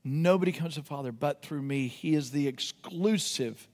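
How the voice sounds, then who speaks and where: A man preaching a sermon with passion, rising to shouted cries and then dropping to quiet asides. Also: fairly high pitch, normal speed, big-room sound. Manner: impassioned, builds to shouted cries, self-correcting asides. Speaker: pastor.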